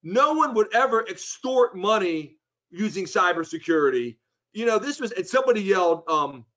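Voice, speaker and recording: Animated middle-aged man telling a story. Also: normal speed. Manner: animated anecdote, voices the quoted people with rising pitch. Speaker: guest speaker. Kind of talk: storytelling in conversation.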